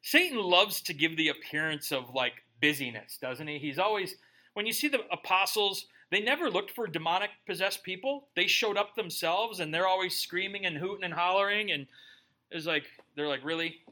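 Bright, high-voiced joking male pastor. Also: moderate pace. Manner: conversational and joking, with rhetorical "right?" tags. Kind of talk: sermon.

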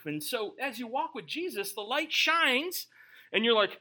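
A man's voice: very high voice, expressive, moderate pace, pushed and bright, rough recording. A male pastor preaching a sermon to a congregation, reading scripture aloud and breaking in with joking, conversational asides. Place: church before a live congregation.

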